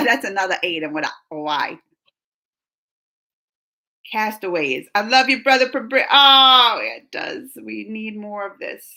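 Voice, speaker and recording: Bright-voiced chatty woman streamer. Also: mid-range voice, slow pace, pauses often. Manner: chatty, laughs often, jumps between chat comments. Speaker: reaction streamer reading chat. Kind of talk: casual chat.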